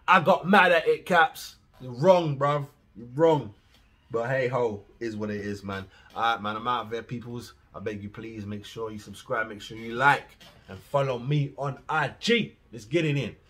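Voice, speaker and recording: A man, ranting bluntly in a casual reaction video and swearing freely, swinging from muttering to loud outbursts. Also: medium pitch, normal speed, few pauses. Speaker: reaction vlogger.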